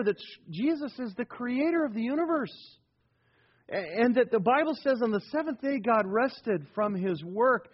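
A man's voice: extremely high pitch, animated, normal speed, husky, dull audio. A man preaching a sermon as pastor, building emphasis with rhetorical questions to his congregation.

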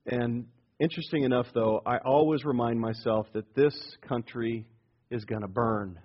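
A man's voice: mid-range voice, steady tone, moderate pace. A man preaching a sermon as pastor, plain-spoken and down to earth, driving points home with rhetorical questions and repetition. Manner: down-to-earth, calls himself rednecky. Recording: dull lo-fi sermon recording.

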